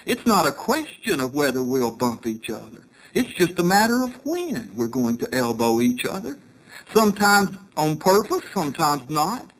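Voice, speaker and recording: A man's voice: on the high side, very animated, moderate pace, a bit bright, poor audio. A middle-aged man giving a sermon to a congregation, telling stories and asking the audience questions. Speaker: congregation speaker.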